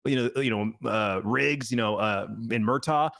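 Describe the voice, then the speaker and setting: A man's voice: mid-range voice, creaky, a bit bright. A man co-hosting a podcast, chatting casually with lots of fillers and swearing. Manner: fast, filler-heavy, swearing. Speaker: podcast co-host. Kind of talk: casual chat.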